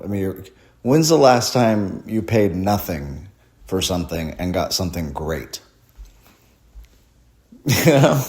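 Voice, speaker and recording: A man's voice: deep voice, a little mellow. A man performing a rambling, crude, self-deprecating stand-up comedy set at a live show.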